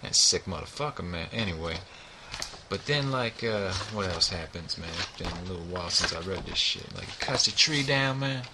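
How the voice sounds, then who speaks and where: A man's voice: deep voice, animated, moderate pace, heavy background noise. A man giving a rambling, profane book review, peppering nearly every line with "you know what I mean.".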